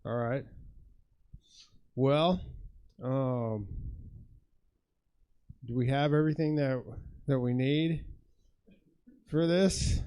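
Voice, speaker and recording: Slow, halting man working the crowd. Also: medium pitch, warm tone, clear, resonant tone. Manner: slow, halting, questions the audience. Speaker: headlining stand-up comedian. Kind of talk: stand-up crowd work. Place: comedy theater stage.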